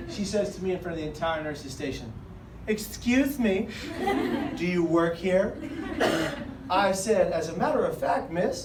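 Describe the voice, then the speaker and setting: A man telling a comic personal story to a live audience, acting out other people's voices and shouting some lines. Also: a little high. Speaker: speaker. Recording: echoey hall with noise, mic far off.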